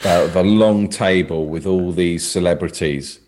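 A man hosting a podcast, chatting casually with quick, animated asides. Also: low-pitched, slight background noise.

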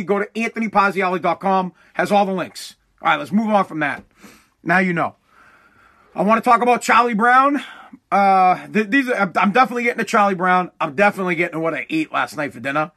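A young man hosts his podcast alone, telling stories quickly in a loose, rambling stream full of swearing and false starts. His voice sits high for a man and sounds bright and forward.

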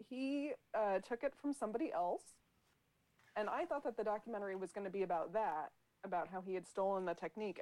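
A woman's voice: medium pitch, darkish tone, low-quality recording. Woman host leading a casual chat. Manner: explanatory, leads topics.

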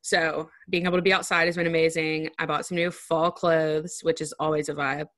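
A young woman with a Southern US drawl chats with her co-host, playful and laughing often. Her voice sits fairly low and sounds dry and close, with no room around it. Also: flat delivery, a little fast, fairly bright tone, dry recording. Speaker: podcast co-host. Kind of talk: casual chat. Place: her bedroom.

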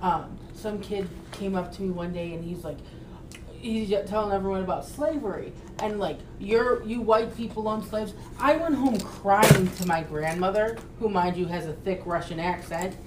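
A woman's voice: medium pitch, normal speed, echoey room, distant mic, noisy background. A woman guest in a casual political chat, talking earnestly and telling personal stories. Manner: earnest, storytelling.

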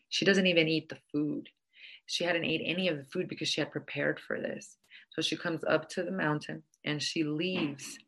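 A woman with a low, grounded voice narrates a folk tale aloud. She speaks earnestly and reflectively, repeating phrases to stress the lesson. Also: a bit bright. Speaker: storyteller. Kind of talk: oral storytelling with a moral lesson.

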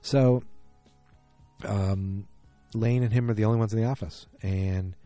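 Dark-voiced man rambling through a TV recap. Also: fairly low pitch, steady tone, a little slow, no echo, faint music behind. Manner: rambling, thinks aloud, often restarts mid-sentence. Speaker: TV episode recapper. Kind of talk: casual episode recap.

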